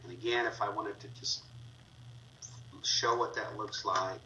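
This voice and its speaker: A man with a lowish, very bright voice walks through a spreadsheet lesson step by step, filling pauses with "uh" as he clicks. He sounds a little distant from the mic, with faint noise and keyboard typing behind him. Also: steady tone, dull audio. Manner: talks through steps as he clicks, with fillers. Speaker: instructor. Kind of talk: screen-recorded spreadsheet tutorial.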